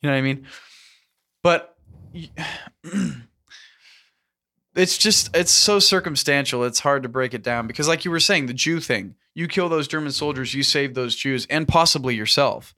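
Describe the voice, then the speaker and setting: A man in casual discussion, talking earnestly with many restarts and pauses. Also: mid-range voice, bright, forceful tone. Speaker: podcast host.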